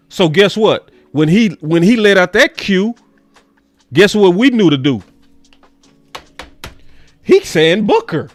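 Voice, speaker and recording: Male sports-talk host, somewhat high voice, swings between low and loud. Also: no echo. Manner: emphatic, repeats his points, swears. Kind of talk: casual commentary.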